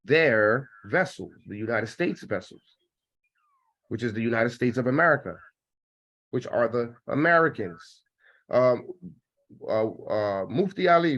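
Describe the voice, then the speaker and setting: A man's voice: medium pitch, a bit bright. Man hosting a call discussion, muffled. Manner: leads the floor, calls on speakers. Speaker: host.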